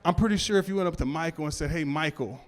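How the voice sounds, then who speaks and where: A male stand-up comedian with a fairly high, smooth, clear voice works a comedy club crowd at a racing pace. His talk rambles loosely with stammered restarts, and the stage mic makes him sound clean and close.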